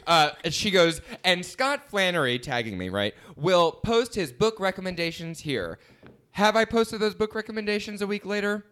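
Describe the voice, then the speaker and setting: A man's voice: high-pitched, animated, normal speed, fairly bright tone, clean tone. A man co-hosting a casual podcast, joking and playfully theatrical with his co-host and guest.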